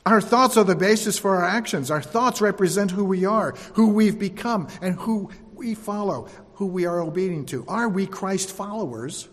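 A man preaching a sermon, repeating phrases for emphasis and dropping to quieter tones. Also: sits high, moderate pace, hardly any pauses. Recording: long hall reverb.

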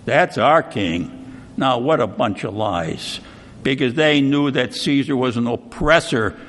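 A man's voice: medium pitch, measured pace, a bit bright. A man preaching a sermon, conversational and constantly checking in with "see?", with a long hall reverb. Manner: conversational, repeats "see?" often.

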